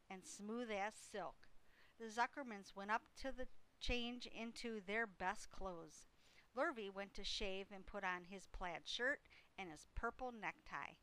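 A woman reading a children's storybook aloud, gently and unhurriedly, with small character voices. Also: medium pitch, smooth, poor audio. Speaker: reader.

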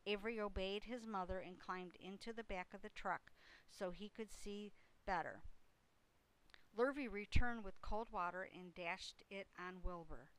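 A woman reading a children's book aloud in a slow, unhurried way, with small slips. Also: medium pitch, a bit bright, clear, resonant tone, rough recording. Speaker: storyteller.

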